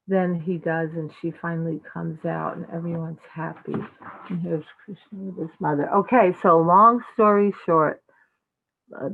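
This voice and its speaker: A woman speaking in a low-ish voice, retelling a sacred story in an animated, chatty way with plenty of "um" and "like." Her voice comes through a video call with thin, phone-like sound. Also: slight background noise. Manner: animated, chatty, many fillers. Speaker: devotional speaker. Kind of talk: storytelling talk. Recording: tinny phone-like call audio.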